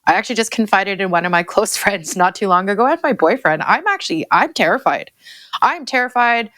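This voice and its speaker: A woman's voice: mid-range voice, lively intonation, fast, a bit bright, no room sound, clean studio sound. A woman in her forties with a Canadian accent, a farmer speaking openly and emotionally as a podcast guest. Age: 40s. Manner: emotional, open, repeats herself. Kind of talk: candid interview talk.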